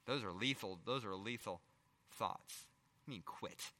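A middle-aged male pastor preaching a sermon, firing rhetorical questions and swinging between loud emphasis and hushed asides. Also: on the low side, measured pace, long reverb tail.

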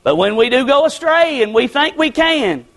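A middle-aged man preaching a sermon, swinging between shouts and hushed pleading. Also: very high voice, sing-song, moderate pace, creaky.

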